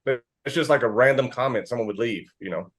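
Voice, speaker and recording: A man's voice: mid-range voice, quick pace, slightly rough. An American man co-hosting a podcast, telling stories in casual chat and swearing freely. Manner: animated storyteller, swears freely. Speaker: podcast co-host.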